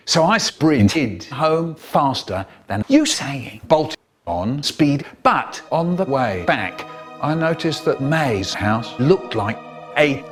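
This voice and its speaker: A man telling a comic story in an expressive, dramatic and playful way. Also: medium pitch, takes it slowly, over music.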